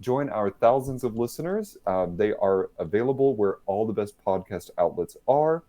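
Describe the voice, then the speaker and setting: A man's voice: lowish voice, expressive, moderate pace, warm tone. Playful laughing male podcast host. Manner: playful, self-mocking, laughs often. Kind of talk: casual livestream podcast chat.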